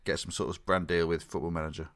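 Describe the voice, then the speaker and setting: A man's voice: sits low, level tone, fast talker, a bit bright. A man co-hosting a podcast in casual chat, rambling and teasing, often restarting his sentences. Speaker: podcast co-host.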